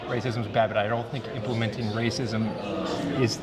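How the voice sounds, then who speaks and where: A man outdoors asking calm, measured, probing questions in a public debate. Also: fairly low pitch. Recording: loud crowd outdoors.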